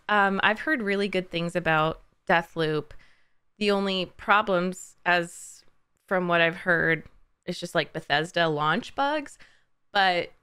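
A young adult woman hosting a casual reaction chat, gushing as an excitable fan. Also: lowish voice, clean tone. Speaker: host reacting to a game trailer.

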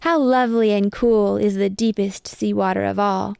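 Woman reading chill helpful storybook brother, reassuring, smooth voice. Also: mid-range voice, normal speed, no room sound, clean studio sound, lightly acted. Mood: contented. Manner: calm and reassuring. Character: calm, cheerful, helpful male brother.

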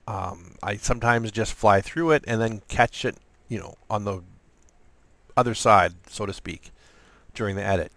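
A man's voice: lowish voice, moderate pace, fairly bright tone, no echo. A man hosting a casual grammar lesson, chatty with self-deprecating asides. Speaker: writing channel host.

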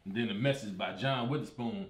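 A man hosting a comedy debate show, loud and joking, laughing often. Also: fairly low pitch, brisk. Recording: echoey room with loud crowd.

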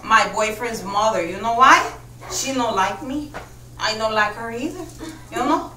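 A man's voice: high-pitched, unhurried, sharp tone, full character voice. A performer doing a sassy Puerto Rican woman. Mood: chatty. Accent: Puerto Rican Spanish-inflected English. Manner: chatty, teasing, bits of Spanish. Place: large indoor room at a kids camp. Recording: roomy hall from far off, faint noise.

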